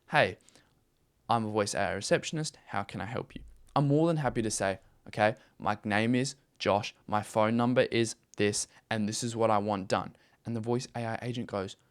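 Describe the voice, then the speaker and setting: An emphatic man talks straight to the listener, hosting a video and coaching people on sales. His voice sits in an ordinary middle range. He repeats his points and keeps asking "okay?" and "right?" to hold attention. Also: mid-range voice. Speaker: YouTube host and AI consultant. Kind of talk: direct-to-camera sales advice talk.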